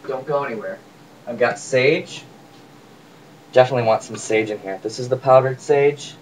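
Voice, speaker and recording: In his home kitchen, a male cooking vlogger casually walks viewers through a recipe while chatting and cracking jokes. He speaks at normal speed in a mid-range voice, and the far-off microphone lets in a little room noise.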